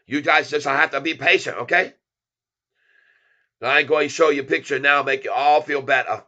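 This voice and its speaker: A man's voice: fairly high pitch, drawn-out words, bright, forceful tone, lo-fi sound, exaggerated voice. A man doing a joking foreign-accent voice in broken English. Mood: teasing. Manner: broken English, jokey and teasing. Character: playful grown man in a put-on foreign accent. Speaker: stock channel host.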